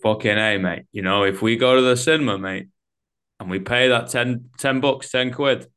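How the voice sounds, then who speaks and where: A man's voice: mid-range voice, normal speed, a bit bright, clear, resonant tone. A man hosting a casual podcast chat, swearing freely and calling his guest mate. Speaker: podcast host.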